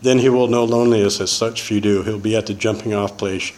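A man's voice: lowish voice, steady tone, fairly quick, a little mellow, reverberant, poor audio. A man sharing his recovery testimony in a rambling, casual way, full of "man" and "you know". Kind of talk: personal testimony.

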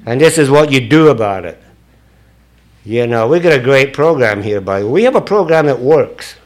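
An older man telling his story to a recovery meeting, blunt and profane and self-mocking, swinging from hushed recollection to loud laughter. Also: fairly high pitch, lively intonation, measured pace, long pauses. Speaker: speaker sharing at a recovery meeting. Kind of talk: storytelling speech to an audience.

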